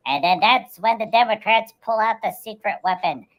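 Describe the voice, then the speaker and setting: A woman co-host spins a long, silly tale in a loose, offhand manner. She has a middle-pitched voice and keeps breaking off and restarting as she goes, stacking one absurd twist onto the next. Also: animated, normal speed, highs cut off. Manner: rambling, many restarts. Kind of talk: casual comic storytelling.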